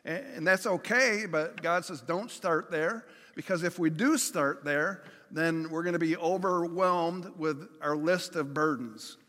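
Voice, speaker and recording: A man's voice: a little high, a little slow, few pauses, a bit bright. A man preaching a conversational sermon, with everyday examples and acted-out pleas. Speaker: pastor. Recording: long hall reverb.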